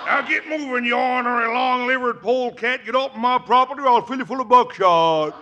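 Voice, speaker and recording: An actor playing an ornery, barefoot hillbilly moonshiner man in a 1940s radio comedy, gruff and threatening in a hill-country dialect. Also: extremely high pitch, fairly quick, background noise. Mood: hostile. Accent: put-on rural Southern hill dialect.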